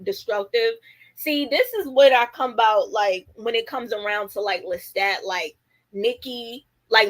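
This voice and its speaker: Bright-voiced woman chatting on a livestream. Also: medium pitch, poor audio. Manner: animated, reads viewer comments aloud; chatty, lots of fillers. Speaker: livestream host. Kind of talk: casual livestream chat.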